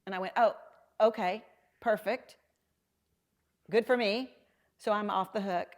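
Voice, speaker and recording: A middle-aged woman, a podcast guest telling lively stories and acting out the voices of the people in them. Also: medium pitch, unhurried. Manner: animated storyteller, acting out quoted dialogue. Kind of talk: storytelling in a casual interview.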